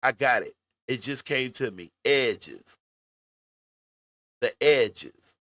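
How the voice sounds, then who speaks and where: Slow folksy man, bright voice. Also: mid-range voice, expressive, no echo, studio quality. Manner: folksy, talks straight to his audience. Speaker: commentary host. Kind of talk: casual reaction commentary to viewers.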